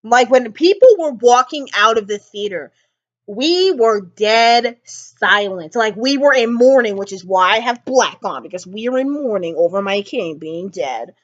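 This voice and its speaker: A woman's voice: on the high side, expressive, measured pace, muffled recording. A woman vlogger rambling emotionally about a film she just saw, repeating herself often. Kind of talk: casual movie reaction ramble.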